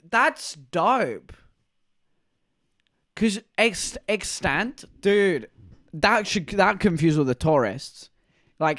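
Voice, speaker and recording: A man's voice: high voice, drawn-out words, pauses often, no echo, studio quality. A man, streaming live and chatting in a rambling, joking way. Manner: rambling, joking, animated storytelling. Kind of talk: casual live-stream chat.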